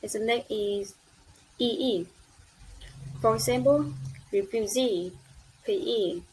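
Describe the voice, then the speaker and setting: A woman student giving a class presentation, reading slowly and carefully and spelling out letters one by one. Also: on the high side, a little mellow, slight background noise, rough recording.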